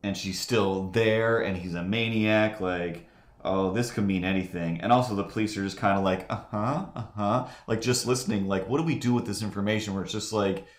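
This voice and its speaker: A man's voice: on the low side, steady tone, fairly quick, reverberant. A man telling a long anecdote during a live drawing stream, rambling with many "like"s and restarts and acting out the people in his story. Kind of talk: casual anecdote.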